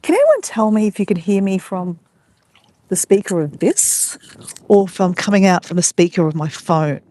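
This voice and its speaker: A woman's voice: mid-range voice, sing-song, normal speed, mellow, no echo. A woman with an Australian accent, live-streaming from her phone as she walks along a beach at sunset, chatting casually and greeting viewers by name. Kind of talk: casual live-stream chat while walking. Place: outdoors on a beach walk at sunset. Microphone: phone held while walking.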